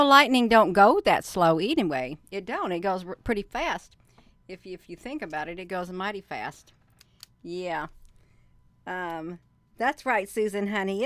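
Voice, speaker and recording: A woman's voice: mid-range voice, lively intonation, normal speed, fairly bright tone, no echo. A middle-aged woman hosting a casual live stream, chatty and laughing often, with plenty of ums, who keeps saying "you all.". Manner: says "you all" instead of "y'all". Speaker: channel host.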